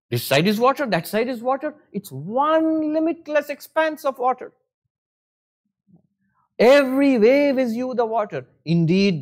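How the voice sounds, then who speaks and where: A man with a high-pitched voice gives a spiritual discourse at a retreat. He teaches conversationally and keeps asking rhetorical questions. He slips in dry, self-mocking humor as he goes.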